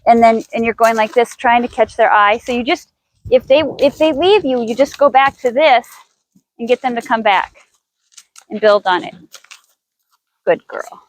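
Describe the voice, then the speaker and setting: A woman's voice: a little high, normal speed, poor audio. A woman horse trainer teaching outdoors in a riding arena, chatty and thinking aloud with restarts as she coaxes her horse.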